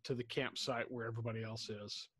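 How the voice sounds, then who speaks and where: A man's voice: medium pitch, level tone, fast talker, fairly bright tone, no room sound, clean studio sound. A man playing a tabletop role-playing game, switching between describing his actions and speaking in character in a genial, coaxing way with old-fashioned phrasing. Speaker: player.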